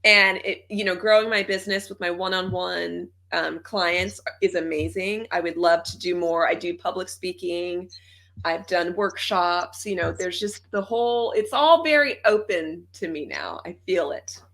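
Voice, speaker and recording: An upbeat woman talks as a guest in a conversational interview. Her voice is bright and forward, and she laughs easily between points. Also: lowish voice, measured pace. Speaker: podcast guest and coach.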